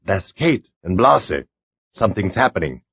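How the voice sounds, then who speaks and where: A man's voice: sits low, sing-song, normal speed, a bit bright, breathy edge, no echo, muffled recording, voice pushed down, full character voice. A man narrating an audiobook, voicing an alert man keeping watch. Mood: tense.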